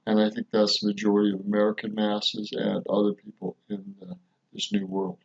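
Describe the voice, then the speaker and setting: A man hosting his own channel, giving slow, measured commentary and repeating his key points. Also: lowish voice, completely flat delivery, creaky. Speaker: channel host commenting on a clip. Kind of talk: commentary voice-over. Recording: lo-fi dull sound.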